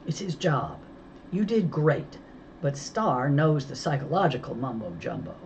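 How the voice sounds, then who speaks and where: A woman's voice: low voice, very animated, a little slow, a little mellow, dull audio, a little hiss or hum. A woman voicing a kindly grown man who talks soothing and plain-spoken.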